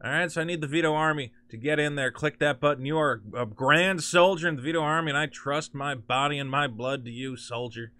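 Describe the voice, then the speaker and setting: Male commentary host, sarcastic and animated, dry close sound. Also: a little high, fairly quick, few pauses, dry recording. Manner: sarcastic, animated, mocking quoted voices. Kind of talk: ranting commentary with screen share.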